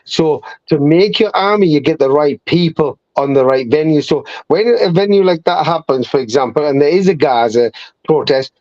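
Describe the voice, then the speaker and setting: A man's voice: a little high, moderate pace, darkish tone, no room sound, lo-fi sound. British man giving earnest advice. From United Kingdom. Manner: earnest, advising. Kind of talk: casual live chat.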